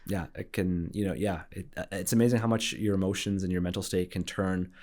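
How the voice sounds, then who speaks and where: A man's voice: low voice, steady tone, a little fast, darkish tone. A man, a radiologist guest, telling stories in a casual podcast chat with lots of fillers and restarts. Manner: chatty storyteller, many fillers and restarts.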